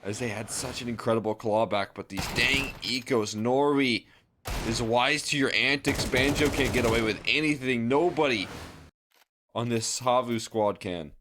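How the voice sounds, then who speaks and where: A man giving live color commentary on an esports match, analytical and relaxed. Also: medium pitch, normal speed, noisy background.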